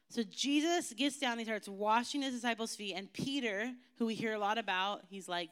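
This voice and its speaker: A woman youth pastor preaching to teenagers in a chatty, joking way, slowing down for emphatic phrases. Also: fairly high pitch, fairly bright tone, smooth. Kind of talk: youth sermon.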